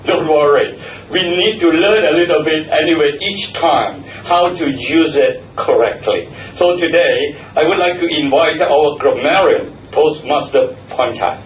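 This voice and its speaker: A man's voice: on the high side, unhurried, hardly any pauses, recorded from a distance, a little hiss or hum. A man giving a joking, encouraging talk as general evaluator at a speaking club meeting. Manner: joking, chatty, laughs at his own stories. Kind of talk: humorous encouraging club speech. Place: meeting room. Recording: echoey room, picked up from afar.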